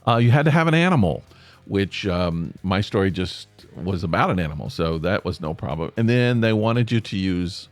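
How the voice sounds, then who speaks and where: Podcast host, Appalachian man, low-pitched voice with lively, swinging intonation; rambling, self-correcting delivery, dry close recording. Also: moderate pace, no echo, soft background music. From East Tennessee. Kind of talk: casual monologue.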